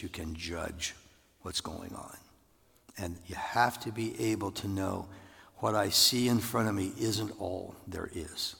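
Older pastor preaching, low gravelly husky voice, chatty and animated, echoing around a big church. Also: male voice. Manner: conversational, animated, with jumps into falsetto for acted voices. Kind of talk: sermon. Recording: long reverb of a large hall.

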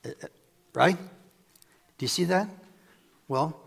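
A man preaching a sermon to a congregation, animated and quick to laugh as he paraphrases scripture. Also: fairly high pitch, gravelly, slightly rough, big-room sound. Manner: animated, acts out scripture quotes, laughs often.

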